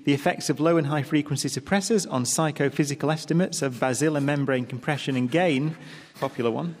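A man's voice: on the high side, brisk. A man hosting a radio panel show in a concert hall, with a wry, teasing manner. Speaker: host. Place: concert hall used as studio. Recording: long concert hall reverb.

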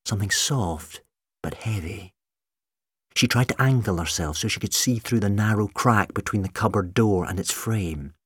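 A man reading a story aloud in measured, softly tense scripted narration. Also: on the low side, slightly rough, no room sound, clean studio sound. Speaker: audiobook narrator.

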